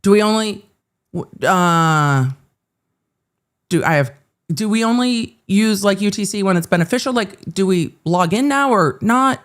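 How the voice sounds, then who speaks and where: A woman's voice: medium pitch, expressive, a little slow. A woman hosting a live-streamed legal commentary show, reading court filings aloud and breaking in with sarcastic, exasperated asides.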